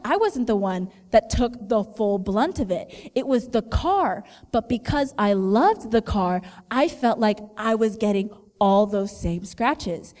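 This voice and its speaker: An earnest woman shares a personal faith story, her voice sitting a little high. She swings between hushed, reflective moments and lively bursts. A long reverb trails after her words, as if she is in a large hall. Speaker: storyteller sharing a faith testimony.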